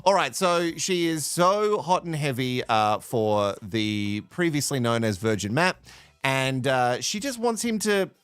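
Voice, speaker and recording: A man's voice: mid-range voice, expressive, unhurried, fairly bright tone, clean tone, no room sound. An Australian man hosting a reality TV recap in casual reaction commentary, mocking the cast and laughing often.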